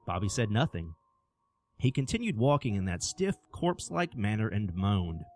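A man narrating a scripted horror story with an expressive storytelling delivery. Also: on the low side, moderate pace.

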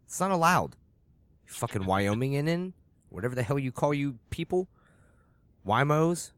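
A man's voice: mid-range voice, lively intonation, normal speed, fairly bright tone, no room sound. A man co-hosting a podcast, teasing his co-host in profane casual chat and laughing often.

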